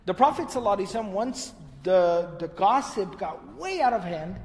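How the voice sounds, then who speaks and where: High-voiced man lecturing in a reverberant hall. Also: brisk. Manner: animated retelling, quoting Arabic text and translating. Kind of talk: storytelling lecture.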